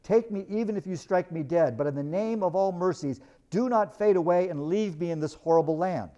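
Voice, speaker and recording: Wild-eyed castaway, frantic and pleading, read by a man in a raised, lively voice. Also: high voice, a little slow, lo-fi sound, voice pushed up, heavily acted. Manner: frantic, pleading, repeating words. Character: wild terrified man marooned on a dark island.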